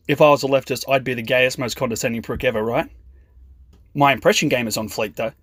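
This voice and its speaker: A man's voice: medium pitch, fairly even intonation, fast talker, fairly bright tone, dry recording, studio quality. A man doing an aggressive, profane stand-up comedy rant, mocking and sarcastic.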